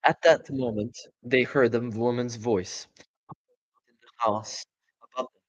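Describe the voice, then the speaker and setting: A man narrating a children's book in a live read-aloud, expressive, with chatty asides. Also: mid-range voice, unhurried, dry recording, muffled recording. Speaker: storyteller.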